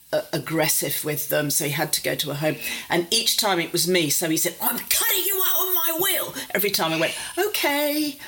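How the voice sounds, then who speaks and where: An older woman from near Warrington, England, with a deep, fairly bright voice on a low-quality recording, is a psychotherapist and author being interviewed casually. She tells wry, self-mocking family stories conversationally, acting out the quoted voices.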